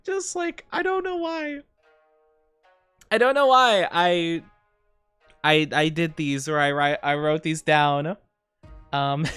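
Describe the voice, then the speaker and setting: A woman's voice: medium pitch, fairly bright tone, clear, resonant tone, no room sound. A woman VTuber chatting casually on a livestream, rambling and giggly with lots of fillers. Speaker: VTuber streamer.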